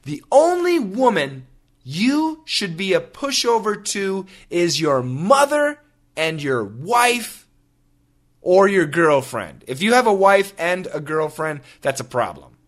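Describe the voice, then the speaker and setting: Speaking slowly in a high voice with big pitch swings, a middle-aged man runs a casual English-teaching podcast. He kids around and adopts silly put-on voices to get word meanings across.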